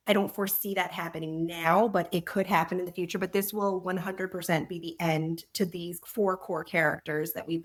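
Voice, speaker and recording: A woman author being interviewed on a podcast, telling anecdotes in an animated way and laughing as she talks. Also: on the low side. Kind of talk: conversational interview.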